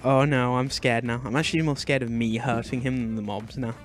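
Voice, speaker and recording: A young man narrating his own gameplay in a chatty, fretful way, doting and nervous by turns. His voice sits at an everyday middle pitch, and soft music plays behind him. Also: fairly even intonation, a little fast. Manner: chatty, fretful and doting, often bursting into high shrieks. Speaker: gaming channel host. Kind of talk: Minecraft let's play commentary.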